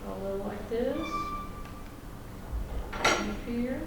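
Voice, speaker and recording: A woman's voice: fairly high pitch, slow, vocal fry, very noisy. A woman teacher giving a classroom lecture, folksy and chatty, checking in with the class. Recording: echoey classroom from far off.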